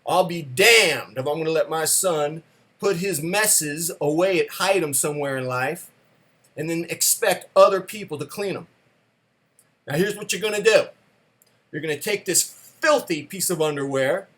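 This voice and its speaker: A man's voice: on the high side, a bit bright, natural voice. A man voicing his stern military father, scolding his son in a barking, sarcastic drill-sergeant lecture.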